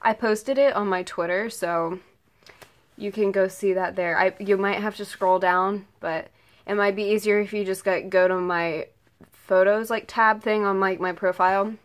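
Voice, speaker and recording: A teenage girl vlogger excitedly retelling a story in a casual, rambling way, saying "like" and "oh my god" a lot. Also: medium pitch, normal speed. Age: late teens. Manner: gushing, rambling, heavy use of "like" and "oh my god".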